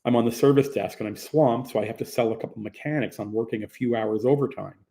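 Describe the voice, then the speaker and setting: A man's voice: medium pitch, quick pace, warm tone. A young man narrating a first-person audiobook in a plain, conversational storytelling manner.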